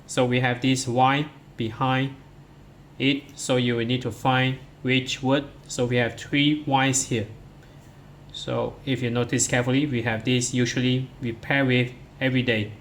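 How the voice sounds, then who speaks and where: A male teacher speaking slowly and patiently to a class of pupils as he goes through workbook answers. His pitch sits in an ordinary middle range, and he counts each item aloud at an unhurried pace. A faint hiss stays under the voice. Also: level tone. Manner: methodical, counts syllables aloud step by step; addresses pupils directly, starts many lines with "so". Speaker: English teacher.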